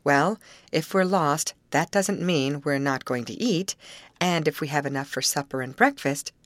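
A woman's voice: deep voice, measured pace, no echo. A woman reading aloud voices a brave teenage girl who speaks grimly and frankly. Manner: grim and frank.

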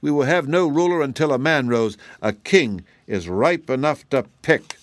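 A man voicing a chorus of proud, scornful living roses in a storybook, raising his voice into loud, haughty demands. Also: mid-range voice, lively intonation, normal speed, pitched above the performer's own voice, natural voice.

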